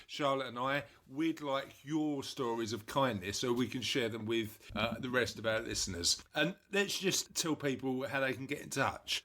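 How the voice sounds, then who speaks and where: A man's voice: medium pitch, fairly bright tone. A man co-hosting a casual podcast, chatty and jokey as he explains how the show works. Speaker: podcast co-host.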